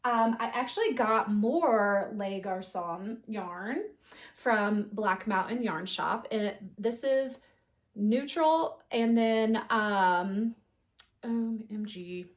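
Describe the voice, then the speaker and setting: A woman's voice: mid-range voice, lively intonation, slow. A woman hosting her knitting podcast, chatting casually through a show-and-tell with frequent ums and restarts. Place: home knitting corner.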